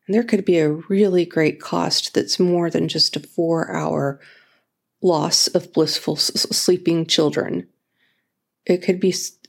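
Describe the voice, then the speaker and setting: Gravelly low-voiced woman telling a story. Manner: conversational storytelling with fillers and restarts. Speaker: podcast host. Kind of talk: faith-based podcast talk with a personal story.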